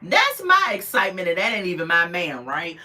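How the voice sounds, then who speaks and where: Sassy woman recapping with bright, lively delivery. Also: on the low side, quick pace. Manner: sassy, animated storytelling with mocking quoted voices. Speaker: reality TV recap host. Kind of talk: casual recap commentary.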